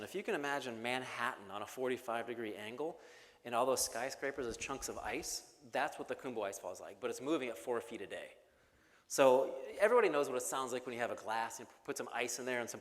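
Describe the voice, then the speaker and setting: In a large banquet hall, a young man gives a keynote speech, telling a gripping, humorous story packed with jokes. His mid-range voice has a fairly bright tone, and the recording carries hall reverb with faint music.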